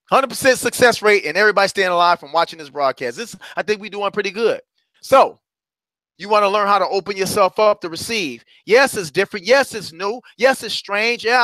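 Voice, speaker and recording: A middle-aged man preaches a motivational message in a fiery, sermon-like way, moving between loud calls and low, hushed asides. His voice sits high and sounds bright and forceful. The recording is dry and close, with no room sound. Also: no echo. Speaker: motivational courage coach.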